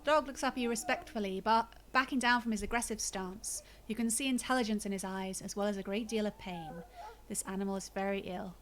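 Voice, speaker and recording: A woman's voice: mid-range voice, steady tone, fairly quick, a little hiss or hum. A woman streaming a video game, chatting casually and joking sarcastically at the screen. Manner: playful, giggly, sarcastic. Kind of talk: casual gameplay commentary.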